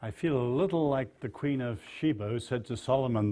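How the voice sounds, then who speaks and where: A guest lecturer with an English accent gives a public talk in a dark-toned voice of middling pitch. His delivery is measured and dryly witty, with firm stress on key phrases.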